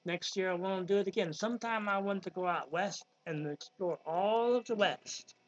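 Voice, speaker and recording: Man in his fifties, Virginia drawl, high-pitched, rambling vlog talk on a dull lo-fi recording. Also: normal speed, slight background noise. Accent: Southern American (Virginia). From Virginia, USA. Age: 50s. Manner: rambling, digressive, with many ums. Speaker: vlogger. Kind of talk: casual monologue.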